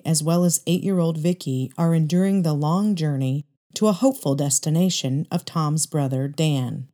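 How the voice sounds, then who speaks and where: A woman narrating a dramatic story aloud in a measured, steady way. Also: low voice.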